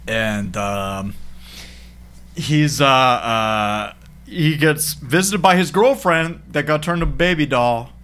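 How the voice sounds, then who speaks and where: A man's voice: mid-range voice, slow, a bit bright, clear, resonant tone. Laughing, swearing man recapping a movie. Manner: laughs often, swears, acts out characters' lines. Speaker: podcast co-host. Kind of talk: casual movie recap chat.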